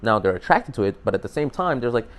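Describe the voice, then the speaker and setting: A man vlogging about dating in a loose, rambling way, full of swearing and restarts. His voice sits at an ordinary pitch for a man. The delivery is animated and emphatic throughout. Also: fast. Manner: profane, rambling, repeats and restarts words. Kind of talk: casual storytelling monologue.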